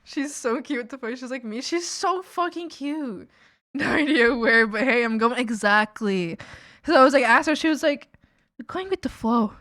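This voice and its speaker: A woman's voice: a little high, moderate pace, fairly bright tone, dry recording, studio quality. A young woman streamer telling rambling stories about her coworkers in casual chat, giggling often and quoting people in her own voice.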